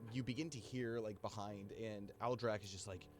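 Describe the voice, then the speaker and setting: A man's voice: lowish voice, steady tone, moderate pace. A young man narrating as game master in a tabletop game, rambling and filling his talk with "like". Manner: rambling, full of "like".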